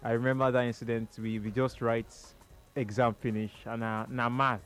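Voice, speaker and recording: A young man with a Nigerian accent, co-hosting a chat show and telling a relaxed personal story. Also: mid-range voice, normal speed, smooth, faint music behind. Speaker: co-host. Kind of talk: casual chat in Nigerian Pidgin.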